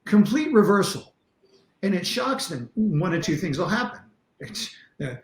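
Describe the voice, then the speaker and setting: A man with a somewhat high voice lays out self-defense principles as a podcast guest. He talks emphatically and bluntly, driving each point home. The sound is roomy and echoey. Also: moderate pace. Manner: animated, emphatic teaching with blunt examples. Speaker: martial arts instructor and self-defense coach. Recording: roomy echo.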